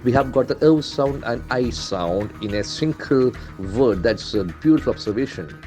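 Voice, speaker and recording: A man's voice: medium pitch, animated, normal speed, dark tone, soft background music. A man from India, an English trainer, going through newspaper headlines in a lesson, spelling words letter by letter and repeating their pronunciation.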